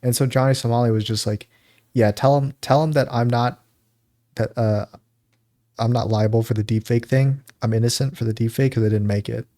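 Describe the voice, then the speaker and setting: A man's voice: mid-range voice, fairly even intonation, brisk, warm tone. Laid-back man in casual podcast chat. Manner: rambling, laughs often, acts out quotes. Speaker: podcast co-host.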